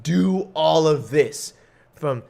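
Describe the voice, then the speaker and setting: Very slow yet animated, this young solo podcast host has a fairly high, creaky, mellow voice. He rambles casually with profanity and jokes, coughing now and then.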